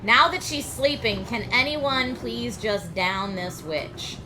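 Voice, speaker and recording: A woman streamer talking her way through a video game live, thinking aloud with quick laughs. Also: on the high side, background noise. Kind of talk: live gameplay commentary. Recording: game music playing behind.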